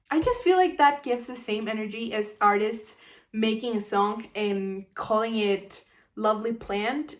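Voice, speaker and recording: Woman book reviewer, animated, sarcastic, fairly high voice, casual rant. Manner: animated and sarcastic, acts out scenes.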